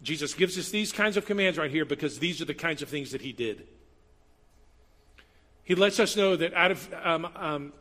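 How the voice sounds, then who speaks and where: A man preaches with a bright, forceful voice pitched a little high, his delivery animated as he swings between loud emphasis and quiet, close asides. The sound carries a long reverb, as though filling a large church hall. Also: normal speed. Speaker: pastor. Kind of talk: sermon.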